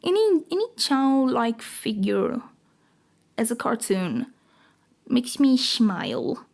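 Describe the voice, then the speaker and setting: A woman's voice: on the high side, sing-song, slow pace, gravelly, a little mellow. A woman reading a graphic novel aloud in a casual, giggly way, with chatty, self-mocking asides. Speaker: comic book reader. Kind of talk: casual read-along with commentary.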